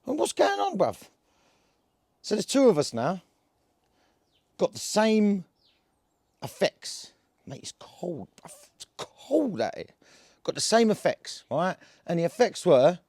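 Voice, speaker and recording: Rambling Essex man, fairly high voice. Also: big pitch swings, slow, long pauses, mellow, no room sound, studio quality. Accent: Essex English. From England. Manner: rambling, slangy, lots of restarts and filler. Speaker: cannabis vlogger. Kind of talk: casual storytelling monologue.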